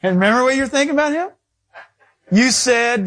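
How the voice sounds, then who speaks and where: A male pastor preaching a sermon, animated and acting out little dialogues. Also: very high voice, a little fast.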